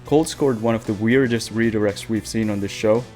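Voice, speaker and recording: A man's voice: on the low side, normal speed, darkish tone, soft background music. A young man hosting a casual gaming news roundup, joking and poking fun at himself as he talks into a webcam. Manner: playful, jokey, self-mocking. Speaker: host of a game news show. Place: away from home.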